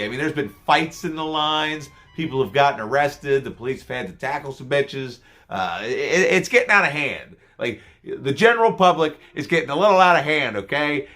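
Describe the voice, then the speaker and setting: A man's voice: mid-range voice, lively intonation, moderate pace, a bit bright, soft background music. A man vlogging, telling rambling, profane stories about his work as a scare actor. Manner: rambling, profane, self-mocking. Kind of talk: casual storytelling to camera.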